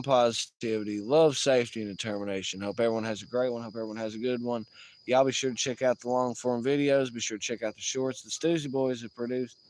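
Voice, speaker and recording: A man's voice: mid-range voice, darkish tone. Drawling man rambling on a livestream. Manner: drawling, profane, rambling, jokey sign-off. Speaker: livestream host. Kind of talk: casual outdoor livestream chat.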